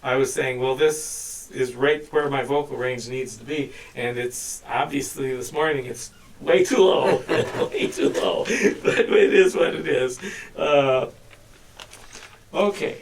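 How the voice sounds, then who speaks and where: A man talking as a guest songwriter in a music studio, hesitant and halting, with many restarts. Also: medium pitch, creaky, slight background noise. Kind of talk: casual studio chat. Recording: distant mic with guitar playing behind. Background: guitar.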